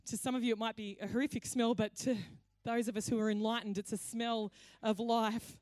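A woman's voice: a little high, little pitch movement, a little fast, darkish tone, no echo. A woman pastor delivering a sermon in a conversational, playful storytelling way. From Australia.

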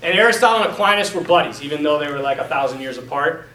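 A young man teaching a class in a lively, animated way, talking to his students as "man" and "you guys.". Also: fairly high pitch, racing. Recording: echoey room, mic from a distance.

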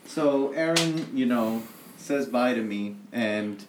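A man's voice: medium pitch, takes it slowly, noisy background. A young man retelling a bar confrontation in a casual chat, swearing freely.

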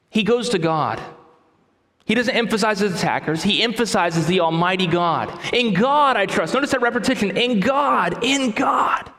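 A man's voice: high-pitched, a bit bright. A man preaching a sermon as pastor, with emphatic delivery that repeats key phrases. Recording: echoey hall with long reverb.

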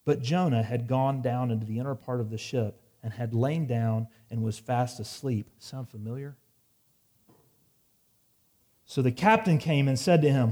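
A man's voice: mid-range voice, unhurried, dark tone. A man preaching a sermon, reading scripture dramatically and dropping wry asides. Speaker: pastor.

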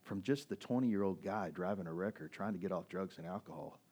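A man's voice: sits low, fairly quick, a little mellow, husky. A man in his forties, a pastor preaching a sermon and telling a personal story in a conversational way, with many fillers and restarts. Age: 40s.

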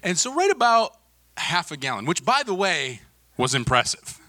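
A middle-aged male pastor telling a humorous story, animated, chuckling often and acting out the voices. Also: high-pitched, moderate pace, dry recording, studio quality.

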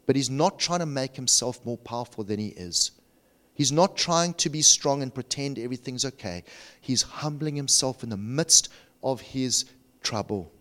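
A middle-aged man preaching a sermon, swinging from quiet, intimate lines to near shouts. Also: medium pitch. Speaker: pastor.

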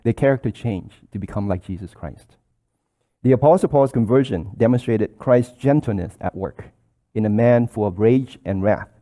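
A man's voice: fairly low pitch, normal speed, warm tone. A man preaching a sermon, explaining scripture in an earnest, explanatory way and quoting verses.

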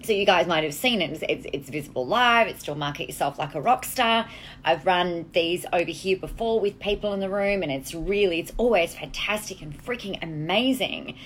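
A candid Australian woman talks through a casual solo podcast episode from a hotel, blunt and unfiltered, swearing freely. Her voice sits a little lower than most women's, with a faint hum of room ambience behind her. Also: expressive, moderate pace, a bit bright. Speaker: podcast host, marketing coach.

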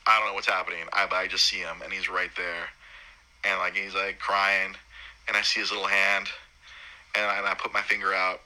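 A man telling the story of his son's birth in a casual, halting way. He is choked up and keeps restarting, and his voice jumps high when he quotes himself. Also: level tone, pushed and bright, poor audio. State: choked up, holding back tears. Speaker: new father recounting his son's birth.

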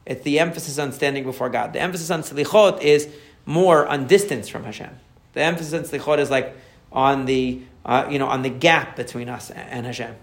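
A man, a rabbi, explaining prayer in a conversational lesson, answering a listener's questions and repeating key phrases as he warms up. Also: mid-range voice, a little fast.

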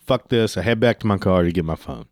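A man with a fairly low voice tells a story casually, swearing freely as he gets heated. The recording is dry and close, with no room sound. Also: animated, fast talker, no room sound.

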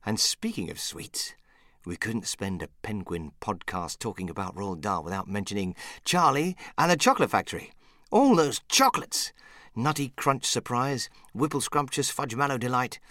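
A man's voice: mid-range voice, lively intonation, moderate pace, bright, forceful tone, no echo, studio quality. A man narrating and hosting a podcast in a playful, theatrical way. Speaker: narrator and host.

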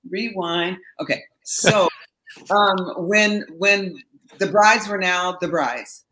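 A woman from Berkeley, a session singer, telling stories in a lively, laughing way as an interview guest. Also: on the low side, slow pace, roomy sound, a little hiss or hum, poor audio. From Berkeley, California. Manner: animated storyteller, laughs often. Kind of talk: casual interview chat.

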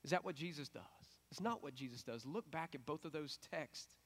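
A middle-aged male pastor giving a sermon in a conversational, animated way that builds to emphatic peaks. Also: on the high side, brisk, husky.

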